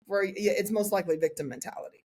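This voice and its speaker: A woman in her forties, a portrait photographer guesting on a podcast, telling her story in a candid, animated way. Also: mid-range voice, fast, husky. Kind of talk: casual interview chat.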